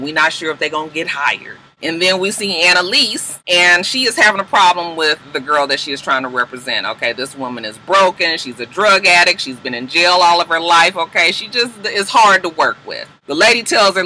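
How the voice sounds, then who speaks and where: Sassy high-voiced man recapping a TV drama. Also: slight background noise, rough recording. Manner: sassy, animated retelling with quoted character voices and laughs. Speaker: TV show reviewer. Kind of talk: casual TV episode recap.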